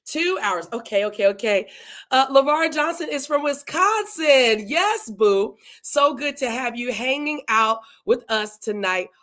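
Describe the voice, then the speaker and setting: A woman hosting a live-streamed podcast, effusively greeting her chat viewers by name in a casual, animated way. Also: sits high, unhurried. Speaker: podcast host. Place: home, Delaware.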